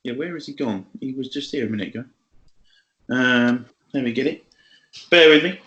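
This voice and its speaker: A man's voice: mid-range voice, normal speed, a bit bright, roomy sound, muffled recording. A man co-hosting a podcast, telling stories in casual chat, laughing and swearing a lot. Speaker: podcast co-host.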